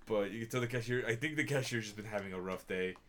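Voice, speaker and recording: A man's voice: fairly low pitch, fast talker, fairly bright tone, slight background noise. A man co-hosting a casual chat, retelling the story in a playful, teasing way with quoted asides.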